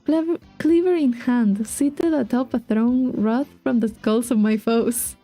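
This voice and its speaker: A woman's voice: on the high side, unhurried, warm tone, faint music behind. Woman reading as a grandiose dramatic bird boy. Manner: grandiose, theatrical declaiming.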